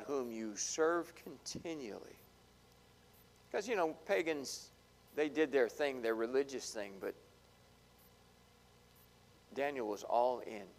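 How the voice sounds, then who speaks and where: A man preaching a sermon, dramatic, swinging between loud bursts and hushed asides. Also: medium pitch. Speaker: pastor. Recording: long hall reverb.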